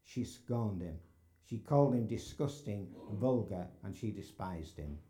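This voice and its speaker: A man with a low, mellow voice delivers a sermon from the pulpit of a church sanctuary. He speaks earnestly and builds to emphatic peaks when he stresses a point. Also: lively intonation, a little slow. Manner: earnest, rising to emphatic exclamations. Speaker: preacher.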